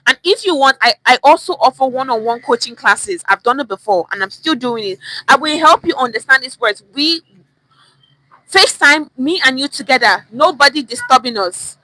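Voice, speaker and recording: A young Nigerian woman with a Nigerian accent teaching Pidgin English on a livestream, animated and repeating phrases to show tone. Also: high voice, normal speed, no room sound, low-quality recording. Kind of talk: livestream lesson.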